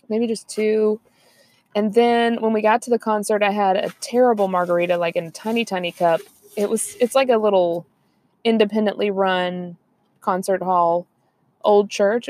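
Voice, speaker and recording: A woman's voice: mid-range voice, a little mellow, dry recording. A woman, chatting casually and rambling on a podcast, laughing often. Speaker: podcast co-host. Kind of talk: casual chat.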